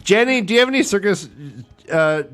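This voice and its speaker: Bright-voiced teasing man. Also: high-pitched, animated, fairly quick, smooth. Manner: teasing, tells wild made-up stories. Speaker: podcast co-host. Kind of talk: casual book discussion.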